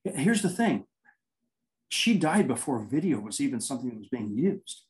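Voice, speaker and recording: A man's voice: medium pitch, sing-song, moderate pace, low-quality recording. A man, a paranormal investigator, telling anecdotes in a casual interview, rambling and acting out quoted dialogue.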